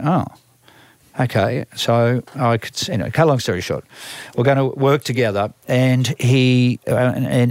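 An older Australian man who manages a band rambles through long stories from his career in a casual interview, restarting often and acting out quotes. His voice sits at a medium pitch, recorded with no echo.

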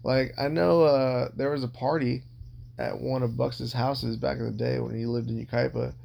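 Gravelly-voiced man rambling, crudely candid. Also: mid-range voice, level tone, moderate pace, a little mellow. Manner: rambling, heavily profane, blunt. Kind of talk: casual confessional storytelling.

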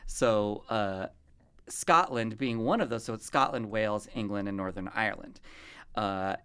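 A podcast host from the US West Coast chats casually, rambling and often cutting herself off. Her extremely low voice is clean and fairly bright, and she speaks unhurriedly.

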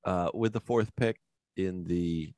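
Man, lowish voice, sarcastic podcast banter, swearing, dry sound. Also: slow pace, dark tone, dry recording. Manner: sarcastic, swearing, mock-dramatic. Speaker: podcast co-host. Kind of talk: casual podcast chat.

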